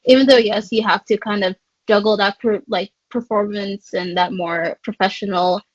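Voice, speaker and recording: A woman's voice: mid-range voice, steady tone, normal speed, no echo, dull audio. A woman co-host responding enthusiastically and affirmingly in a casual interview.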